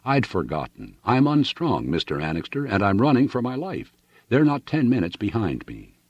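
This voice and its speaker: A hunted, gaunt fugitive gasps out frantic, pleading words, as a male reader acts him out. His voice is pitched well up and husky, and he never catches his breath. Dry, close storybook reading. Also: big pitch swings, normal speed, no echo, dull audio. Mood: panting.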